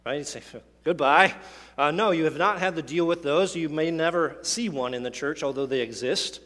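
A man's voice: fairly high pitch, a little fast, a bit bright, long reverb tail. A man preaching a sermon as pastor, earnest and emphatic, repeating key phrases for force. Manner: earnest, builds to emphatic repetition.

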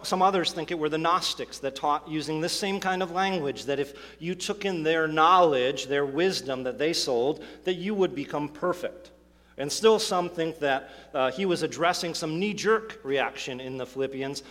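Pastor guy preaching, kinda high voice, emphatic, repeats himself a lot, long church echo. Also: normal speed, a bit bright. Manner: emphatic, restarts words, asks rhetorical questions. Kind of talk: sermon. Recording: long hall reverb.

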